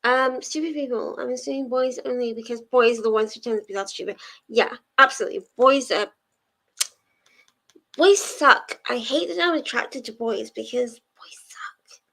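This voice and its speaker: Her fairly high voice is creaky and a bit bright, and she talks a little fast. She's a young livestream host of reading sprints, rambling through casual chat as she answers what viewers send in.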